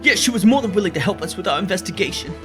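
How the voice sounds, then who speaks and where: A man's voice: high-pitched, rapid-fire, music in the background. A man casually commenting on a game and reading the hero's lines aloud. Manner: animated, chatty, reads lines aloud. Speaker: let's play host.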